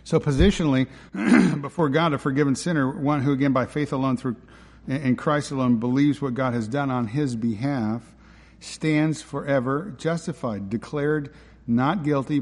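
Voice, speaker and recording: Under a long hall reverb, a pastor delivers an emphatic, conversational sermon, often asking his listeners rhetorical questions. He speaks at a moderate pace in a medium-pitched, darkish voice.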